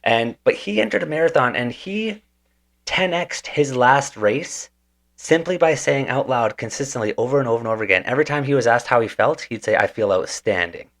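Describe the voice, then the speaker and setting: A laid-back man hosting a podcast, with a voice of middling pitch. He tells a long anecdote in an easygoing, slangy way, full of "dude" and "man". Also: fairly quick, fairly bright tone. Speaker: podcast host. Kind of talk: casual conversation, animated storytelling.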